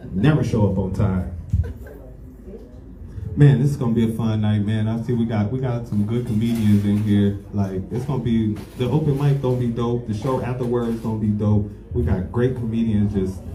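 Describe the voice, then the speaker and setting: A man doing a stand-up comedy set, telling loud profane stories and bantering with the crowd. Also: mid-range voice, background noise. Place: comedy club. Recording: roomy club sound, distant mic, audience laughter. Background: audience laughing.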